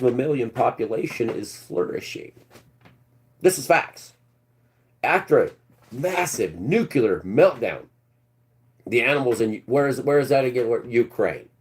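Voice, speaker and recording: A man hosting a live stream, in a mid-range voice that jumps between high and low. He rambles in a crude, sarcastic rant, circling back and restarting his thoughts. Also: darkish tone. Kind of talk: ranting live-stream talk.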